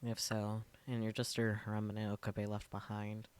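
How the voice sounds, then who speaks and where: An earnest young woman scientist pressing with worried questions, read by a man in a low, plain voice. She sounds much like the reader himself. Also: completely flat delivery, normal speed, clear, resonant tone, close to an everyday voice. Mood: pleading. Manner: pleading, questioning. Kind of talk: reading a visual novel aloud on stream.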